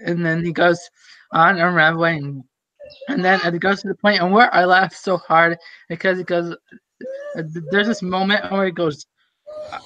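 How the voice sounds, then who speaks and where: A young man in casual group voice chat, rambling and halting, full of fillers and restarts. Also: high voice, sing-song, bright, forceful tone, dry recording. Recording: dull lo-fi voice chat audio.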